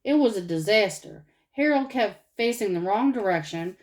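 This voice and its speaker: A woman reading a children's storybook aloud with expressive, animated narration. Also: medium pitch, normal speed, poor audio. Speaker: storybook reader.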